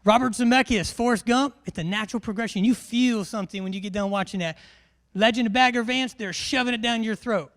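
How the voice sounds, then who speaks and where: A man's voice: high voice, a little fast, a bit bright. Joking man briefing a big class. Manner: joking, quizzes the audience. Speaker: military instructor. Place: large lecture hall.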